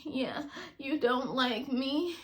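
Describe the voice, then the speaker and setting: Brief: hesitant, clingy young guy, quiet and mumbly, put on by a woman retelling a story. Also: sits high, slow pace. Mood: sheepish.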